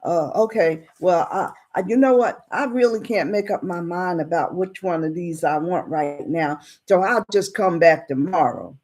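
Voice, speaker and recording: A woman's voice: lowish voice, normal speed, few pauses, a little mellow, close to an everyday voice. A woman voicing a flustered, hesitant lady customer in a retold story.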